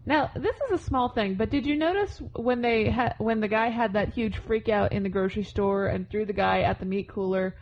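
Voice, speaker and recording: A woman's voice: mid-range voice, normal speed, hardly any pauses, darkish tone, slight background noise. A woman co-hosting a movie podcast, teasing her co-host playfully in casual chat. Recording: muffled lo-fi podcast audio.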